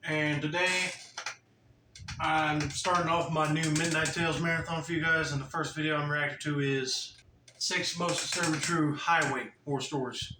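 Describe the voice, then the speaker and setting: A man's voice: fairly high pitch, little pitch movement, moderate pace, background noise. A man hosting his own channel, giving casual reaction commentary and talking straight to his viewers in a chatty way. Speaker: host reacting to a video.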